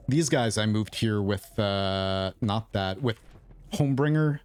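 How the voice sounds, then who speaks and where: A man's voice: on the low side, unhurried, a little mellow, slight background noise. A man who is losing his voice, casually thinking aloud as he explains his gameplay as the host of a gaming video.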